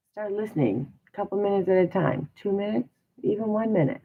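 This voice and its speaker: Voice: medium pitch, fairly quick, a little hiss or hum. Encouraging livestream host on tinny audio. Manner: encouraging, repetitive, full of rhetorical questions. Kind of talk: motivational livestream talk.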